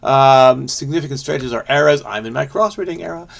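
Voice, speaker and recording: A man's voice: medium pitch, brisk, gravelly. A man hosting a crossword video, solving casually and thinking aloud, trailing off and making self-amused asides.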